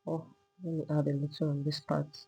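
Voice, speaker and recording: A woman teaching a step-by-step sewing tutorial, calmly talking through each move while she drafts and cuts a pattern. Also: sits low, a little fast, creaky, slightly rough, poor audio. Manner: patient, repetitive demonstrating, talking while working. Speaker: sewing instructor.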